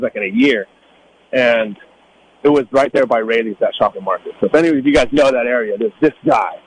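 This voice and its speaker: A middle-aged man from Northern California in a casual storytelling talk, animated, acting out the people he quotes in a higher voice. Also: a little hiss or hum, poor audio. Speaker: guest telling life stories.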